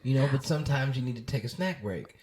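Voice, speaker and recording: A man hosting a casual podcast chat, playful and joking, with pitch that swoops when he jokes. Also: lively intonation, fast, darkish tone, breathy edge. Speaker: podcast host and comedian.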